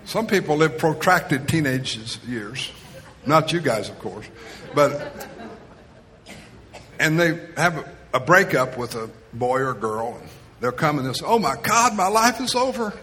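Bright-voiced preacher in an echoing hall. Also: male voice, medium pitch, expressive, a little slow, long pauses, a little hiss or hum. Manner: storytelling, acts out quotes. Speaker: pastor. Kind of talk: sermon. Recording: reverberant hall.

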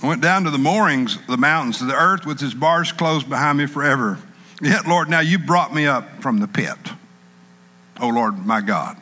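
A man preaching a sermon in an animated way, acting out panicked people in a raised voice. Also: mid-range voice, moderate pace, big-room sound.

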